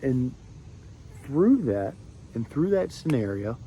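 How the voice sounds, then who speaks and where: A man's voice: medium pitch, big pitch swings, slow, dark tone, slight background noise. A young man in his twenties, ranting to camera in a rambling way with lots of fillers and restarts. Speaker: vlogger. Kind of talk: ranting monologue.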